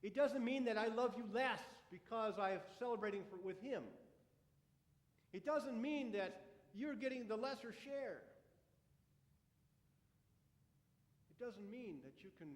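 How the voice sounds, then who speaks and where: Soft, tender old father pleading with his son, hushed and lower, echo of a large church; a pastor puts him on. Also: lightly acted. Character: patient pleading father, older man, gentle. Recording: echoey church sanctuary.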